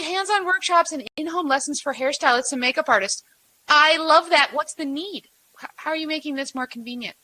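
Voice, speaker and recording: Bright, emphatic woman workshop speaker. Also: sits high, low-quality recording. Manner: emphatic, blunt and animated, with mock quotes. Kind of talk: lively workshop talk to a live audience.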